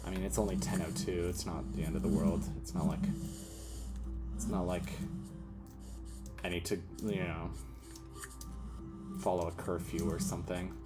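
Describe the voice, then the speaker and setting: A man's voice: deep voice, flat delivery, moderate pace, pauses often. A man giving casual, rambling game commentary with self-mocking, offbeat jokes. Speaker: gaming commentator. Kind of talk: casual let's play commentary. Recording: game music playing behind.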